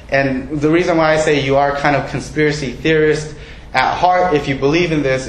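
A mid-range male voice comes through a low-quality recording in an echoey room. He's a pastor giving a conversational sermon, making jokes about himself and frequently putting questions to those gathered.

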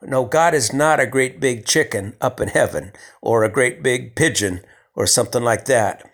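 A man preaching a sermon in a conversational way, building to emphatic lines and dropping to hushed, soft passages. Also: medium pitch, moderate pace.

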